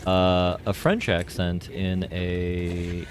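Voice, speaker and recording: Low-voiced man rambling over gameplay. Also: completely flat delivery, very slow, slight background noise. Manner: rambling and jokey, heavy on fillers. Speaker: streamer. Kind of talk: casual live gameplay commentary.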